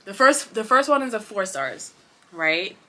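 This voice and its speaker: A woman chatting to camera about books she read, rambling with many fillers and restarts, passionate and expressive. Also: mid-range voice, measured pace. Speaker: booktuber. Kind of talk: casual chat to camera.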